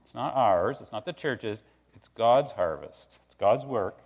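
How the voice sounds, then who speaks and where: A male pastor preaching in a loose, conversational style, his voice carrying a long reverb from a large hall. He keeps things animated and slips into little acted voices for the people he quotes. His pitch sits in an ordinary middle range for a man. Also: a little slow, husky. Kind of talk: sermon.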